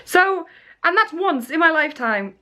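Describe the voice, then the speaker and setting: A young woman, talking straight to her viewers in a casual vlog. Her voice sits high, and she tells her story in a chatty, animated rush, breaking into nervous laughs and restarting her sentences. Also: moderate pace. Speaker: vlogger.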